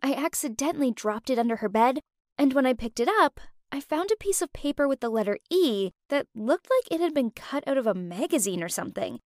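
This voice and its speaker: A woman voicing an earnest young woman who speaks hesitantly, with pauses and fillers. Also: sits high, expressive, dry recording, studio quality. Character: earnest young woman, model, shy friend.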